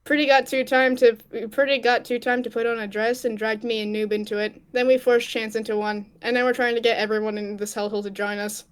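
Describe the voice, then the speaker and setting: A woman's voice: fairly high pitch, little pitch movement, quick pace, hardly any pauses, smooth, natural voice. A woman voicing a weary, sarcastic young man, speaking dryly and with exasperation in a casual fanfic reading with friends. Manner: dry, exasperated.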